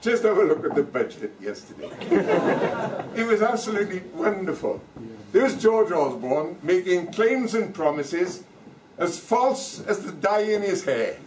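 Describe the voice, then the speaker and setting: A man's voice: high-pitched, sing-song, normal speed. An older man giving a comic political speech with no microphone, mocking and punchy, playing for laughs before an audience. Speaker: political speaker. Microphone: no microphone, recorded from far off. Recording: echoey hall from far off, noisy.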